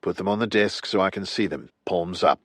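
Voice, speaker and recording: A man narrating an audiobook and voicing a calm, menacing hitman with a South African accent, low and unhurried. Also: dry recording, studio quality. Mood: cold. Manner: low, cool, unhurried threats.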